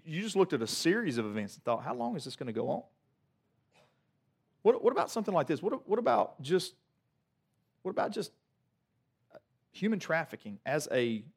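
Male pastor, fairly high voice, sermon that swings quiet to loud with jokes to the crowd. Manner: swings from hushed reflection to loud emphatic peaks; humorous asides to the congregation.

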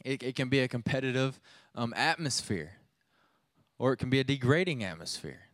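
A man's voice: medium pitch, sing-song, a little fast, a bit bright, dry recording. A youth pastor in his thirties preaching a sermon, telling a family story in a conversational way with many restarts.

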